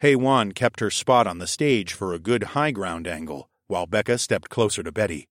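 A man narrating a first-person story in a wry tone, dropping to a hush on the narration tags. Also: on the low side, expressive, moderate pace, few pauses, no echo, studio quality. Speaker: audiobook narrator.

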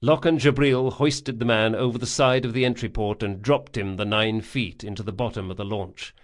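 A man's voice: on the low side, fairly even intonation, moderate pace. A man reading a fantasy novel aloud as a scripted audiobook narration.

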